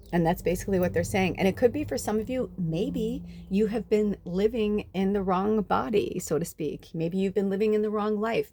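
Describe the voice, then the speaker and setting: A woman's voice: fairly low pitch, dark tone. A woman in her forties, a spiritual reader, telling a personal story in a chatty, emotional way, acting out what others said and swearing freely. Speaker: spiritual reader and channel host. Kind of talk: casual storytelling to camera.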